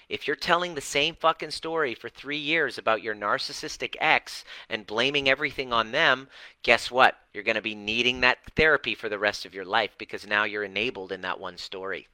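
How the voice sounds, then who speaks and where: Fired-up, blunt man with very bright voice. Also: medium pitch, dry recording, low-quality recording. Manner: passionate, blunt, swears for emphasis; dramatic, fired up. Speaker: relationship and healing coach. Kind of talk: livestream talk to an online group.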